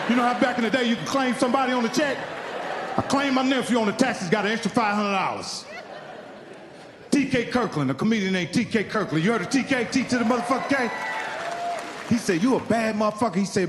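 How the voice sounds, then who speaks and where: Stand-up comic, middle-aged man, high voice, profane and animated, acts out his quotes; live club recording with a long tail of reverb. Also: background noise. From Indiana. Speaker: stand-up comedian. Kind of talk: stand-up storytelling. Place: comedy club stage.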